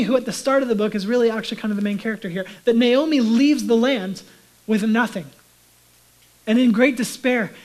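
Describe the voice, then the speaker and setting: Male pastor, casual conversational sermon, leans into quiet near-whispers for weight. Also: extremely high pitch, poor audio. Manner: conversational preaching, dropping to a hushed whisper for emphasis.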